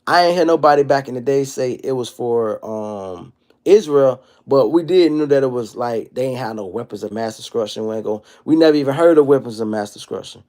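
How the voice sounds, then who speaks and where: A man in his thirties hosting a casual livestream monologue, telling stories in an animated, profane street style. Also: medium pitch, a little fast. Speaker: livestream host.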